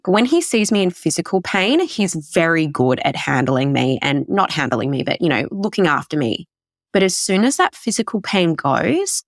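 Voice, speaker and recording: A woman's voice: fairly low pitch, no echo, clean studio sound. A woman telling her personal story as a podcast guest, rambling and emotional with many fillers.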